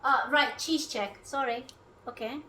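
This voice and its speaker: A woman with a high, bright voice chats her way through a home cooking stream, talking slowly and cursing freely. She rambles to her food and her viewers. Her voice sits back from the mic, with a faint hiss behind it. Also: recorded from a distance. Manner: rambling, swears often, talks to her food and chat. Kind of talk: casual live-stream chatter while cooking. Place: home kitchen.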